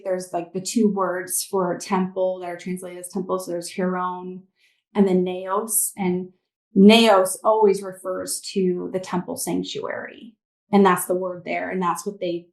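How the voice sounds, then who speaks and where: Woman guest, candid personal testimony, mid pitch, echoey room. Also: a little mellow. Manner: candid, rambling with fillers. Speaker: interview guest.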